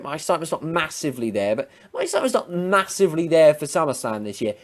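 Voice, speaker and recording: A man giving casual, rambling wrestling predictions to camera, swearing freely and quickly getting heated. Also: fairly high pitch. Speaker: wrestling preview vlogger. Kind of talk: casual unscripted commentary.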